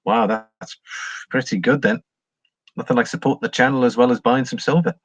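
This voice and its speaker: With a medium-pitched, slightly rough voice, recorded dry, this livestream host talks briskly. He reads viewer comments and works through price charts in a casual, rambling way.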